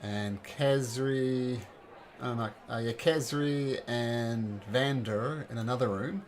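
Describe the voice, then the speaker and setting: A man narrating a tabletop game as game master, halting with fillers and restarts. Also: medium pitch.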